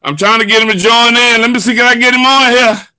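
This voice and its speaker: A man hosting a live football show, loud and hyped, often shouting and stretching his words. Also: very high voice, fairly even intonation, quick pace, no room sound. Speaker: host. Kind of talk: excited live sports show chat.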